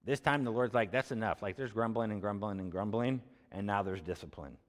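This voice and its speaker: A man's voice: on the low side, brisk. A man preaching an expository sermon, reading scripture aloud and talking in a conversational way, asking rhetorical questions and then answering them. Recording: long hall reverb.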